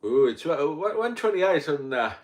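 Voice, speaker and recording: A man mimicking a brisk, hurried male doctor, clipped and dismissive. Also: on the high side, very animated, pitched above the performer's own voice.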